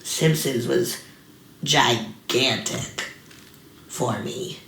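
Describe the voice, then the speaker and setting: A young woman comedian telling stories in a casual interview, animated and full of fillers, acting out the voices of others. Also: a bass voice, drawn-out words, vocal fry. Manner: animated, many fillers, acts out quoted voices. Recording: echoey room.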